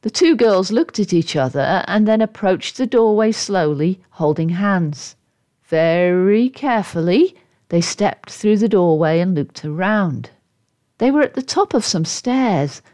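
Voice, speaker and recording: A woman reading a children's story aloud in a playful, expressive way. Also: mid-range voice, measured pace. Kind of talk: storybook read-aloud narration.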